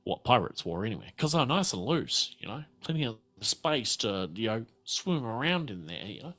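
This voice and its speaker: A man's voice: mid-range voice, sing-song, normal speed, pushed and bright. A man narrating a tabletop game as game master, rambling along with lots of fillers and restarts.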